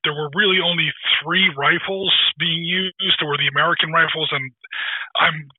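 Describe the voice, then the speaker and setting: A man co-hosting a wargaming podcast in casual chat, talking fast and bluntly with plenty of knowledge. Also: a little high, steady tone, slightly rough, dry recording. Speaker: podcast co-host. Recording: tinny phone-like remote line.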